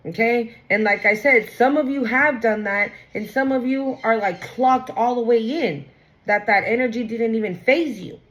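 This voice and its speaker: A woman does a casual spoken tarot reading, blunt and slangy, swearing freely and animatedly acting out the voices she quotes. Her voice sits fairly high at a moderate pace, and the audio is poor.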